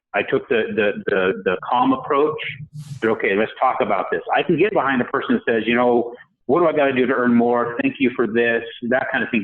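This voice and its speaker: A man shares a personal story in a podcast interview, acting out the voices of the people he quotes. His voice comes through a thin, tinny phone line. His pitch sits in the middle range. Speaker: podcast guest. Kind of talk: storytelling in a conversation.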